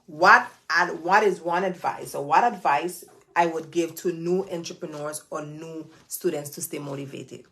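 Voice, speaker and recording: A woman's voice: low-pitched, normal speed, sharp tone. Woman hosting a chatty live Q&A. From Florida. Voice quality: creaky. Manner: chatty and direct, addresses viewers as y'all. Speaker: host of a live stream Q&A. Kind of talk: casual live stream Q&A.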